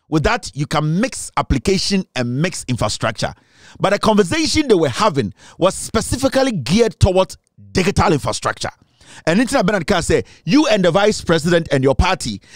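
A man's voice: high-pitched, dry recording, clean studio sound. A man with a Ghanaian accent delivering insistent political commentary, repeating his points and switching between English and Twi.

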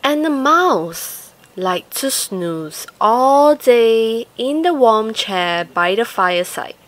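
A woman reading a children's picture book aloud, slow, sing-song and expressive. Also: a little high. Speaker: storyteller.

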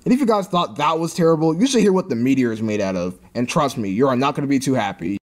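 A man's voice: medium pitch, animated, fast talker. A man giving sarcastic review commentary on a cartoon, ranting in an exasperated, mocking way.

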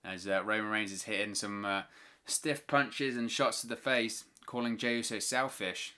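A man's voice: on the low side, moderate pace, bright, forceful tone, clean tone. A man hosting a live watch-along, giving play-by-play wrestling commentary with opinionated, exasperated asides.

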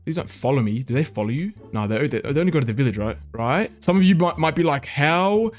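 A young man giving excitable, panicky gameplay commentary as a video host, repeating himself and swearing. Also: medium pitch, fast talker.

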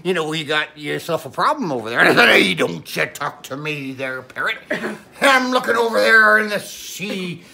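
A boastful old sea captain, gravelly and bright-edged, as a woman puts him on. His rambling yarn swoops wildly up and down in pitch. It is a theatrical comedy sketch. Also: lively intonation, normal speed, heavily acted. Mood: excited. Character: boastful old male pirate captain, rum-loving storyteller.

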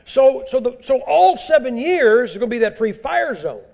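A man's voice: extremely high pitch, very animated, moderate pace, vocal fry, darkish tone. A man preaching a sermon in a church, blunt, emphatic and folksy.

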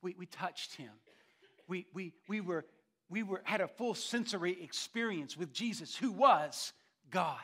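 Male senior pastor, high bright voice, emphatic sermon delivery, repeats words, loud-to-hushed swings. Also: animated, measured pace. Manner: emphatic preaching with frequent repetitions and restarts. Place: church sanctuary.

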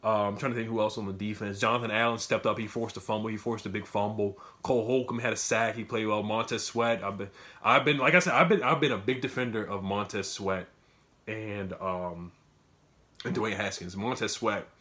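A young man giving a casual, emotional fan recap, full of fillers and repeats, swinging between loud outbursts and quiet muttering. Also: lowish voice. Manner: filler-heavy, repeats himself. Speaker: sports fan commentator. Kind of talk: casual fan reaction monologue.

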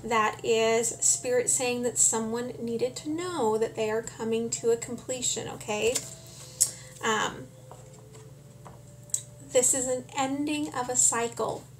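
Slow, calm woman tarot reader. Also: a little high, a little hiss or hum. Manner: calm, frequent "okay?" check-ins. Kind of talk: tarot reading monologue.

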